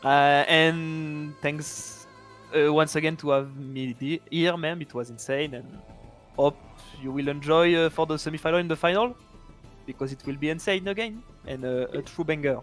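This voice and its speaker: Eager French-accented guest caster. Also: male voice, fairly high pitch, moderate pace, a bit bright, faint music behind. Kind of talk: casual chat.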